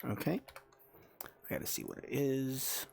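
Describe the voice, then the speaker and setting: A man narrating as game master in a casual, halting way with many fillers. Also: mid-range voice, steady tone, vocal fry, background noise.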